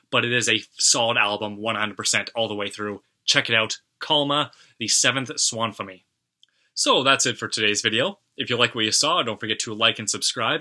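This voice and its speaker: A man's voice: mid-range voice, bright, forceful tone. A young man from Canada, rambling bluntly to camera as a vlogger, with casual swearing and lots of fillers. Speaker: vlog host.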